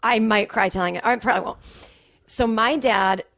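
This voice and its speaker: A woman in her forties from Massachusetts, a guest comedian telling stories in casual, animated podcast chat. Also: on the high side, normal speed, creaky, no room sound, studio quality. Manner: animated, chatty storytelling with many "like"s. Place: home studio.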